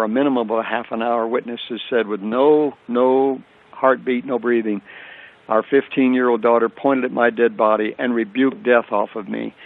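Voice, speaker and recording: A man's voice: mid-range voice, a little hiss or hum. An older man giving an earnest personal faith testimony as a radio guest, telling his story with repeated phrases. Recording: tinny phone line on radio.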